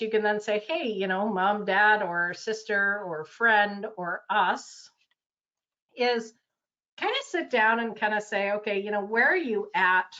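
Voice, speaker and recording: A woman coach talks loosely and chattily over a video call. She acts out what people said and fills her talk with "kinda" and "you know". Her voice sits at a middling pitch, and the sound comes through dull and lo-fi. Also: fairly bright tone. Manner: chatty, loose, full of fillers, acts out quotes. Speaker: consultant and coach. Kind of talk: casual webinar talk.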